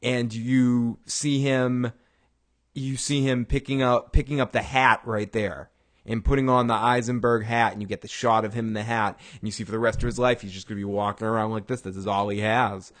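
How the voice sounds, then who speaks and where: This talk show host speaks in a mid-range, level tone at normal speed while casually recapping a TV episode. The recap rambles, full of restarts and chuckles, and quoted lines come out in sudden raised-voice bursts.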